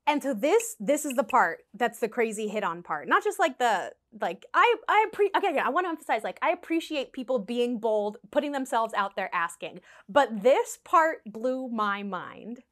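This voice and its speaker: A young woman vlogger telling a funny dating story in a casual storytime, animated and often laughing as she acts out what people said. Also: a little high, normal speed, few pauses.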